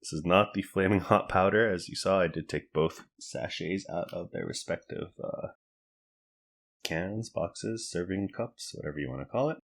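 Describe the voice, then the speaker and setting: A man's voice: low voice, normal speed, creaky. A man casually reviewing snack food to camera, chatting and thinking aloud as he cooks and tastes. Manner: relaxed, chatty, thinks aloud while cooking and tasting.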